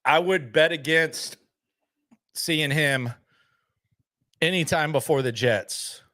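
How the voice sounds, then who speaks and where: A man's voice: on the high side, slow, bright, forceful tone, no echo, clean studio sound. A man hosting a sports channel, chatting casually and bluntly, skeptical, often repeating himself as he answers viewer comments.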